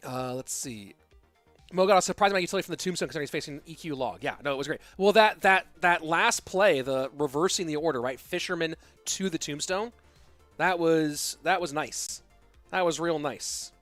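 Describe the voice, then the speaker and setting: Male esports caster, fairly high voice, excitable play-by-play, faint music underneath. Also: fairly quick, dry recording. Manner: excitable play-by-play with rambling asides. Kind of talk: live game commentary.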